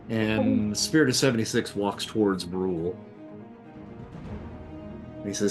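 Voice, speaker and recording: A man narrating a tabletop game as game master, relaxed and full of fillers, over background music. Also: fairly low pitch, slow, pauses often.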